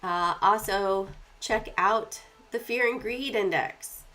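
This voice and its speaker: A woman hosting a stock market livestream in a casual, chatty way, congested and often clearing her throat as she walks through her screen setup. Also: mid-range voice, slow, bright, forceful tone, soft background music.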